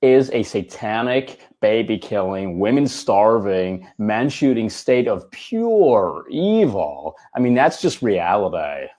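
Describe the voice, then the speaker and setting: A man's voice: lowish voice, big pitch swings, slow, hardly any pauses, dark tone. A comedian voicing a smug male podcaster who spouts mock-sincere provocations. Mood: sarcastic.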